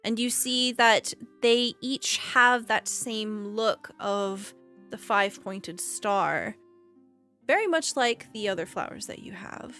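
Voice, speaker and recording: A woman game master narrates a tabletop game at an unhurried, deliberate pace. Her voice sits fairly high and her descriptions stay calm. Soft music plays faintly underneath.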